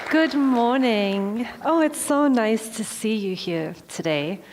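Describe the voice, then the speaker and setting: A woman with a fairly high, slightly mellow voice and lively intonation speaks slowly as a motivational speaker before an audience in a large hall. She shares a personal story and acts out her own reactions, and the recording carries a long hall reverb.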